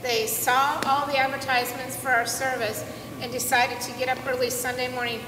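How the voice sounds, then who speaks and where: A woman's voice: sits high, flat delivery, normal speed. A woman from the congregation casually telling a short story, with some filler words. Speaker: congregation member. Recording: roomy hall, far from mic, noisy.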